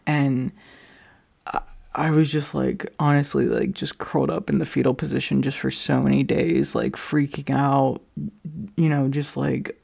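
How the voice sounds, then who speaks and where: Woman venting on her vlog, super fry-heavy voice, lots of like and you know what i mean, swears a bunch. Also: a bass voice, level tone, slow, long pauses, a little mellow. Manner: swears freely. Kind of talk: candid personal vlog.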